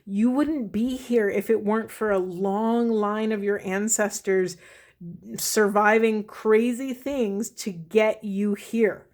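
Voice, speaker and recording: In a steady, darkish, mid-range voice, a woman lays out tarot cards and reflects aloud on what they say spiritually. She thinks as she talks, halting and restarting her sentences often.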